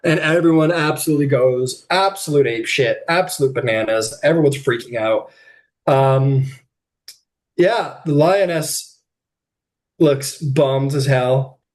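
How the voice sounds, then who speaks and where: A man runs a tabletop game and narrates a jousting scene in an easygoing, rambling way. He often restarts lines and drops fillers between them. His voice sits at a middle pitch. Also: a little slow. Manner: lively, rambling, full of fillers. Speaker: game master.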